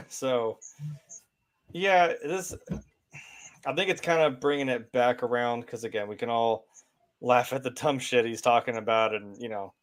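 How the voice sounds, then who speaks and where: Rambling, filler-heavy male co-host chatting about movies, mid-pitched, laughs often. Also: a little slow, long pauses. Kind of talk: casual movie review chat.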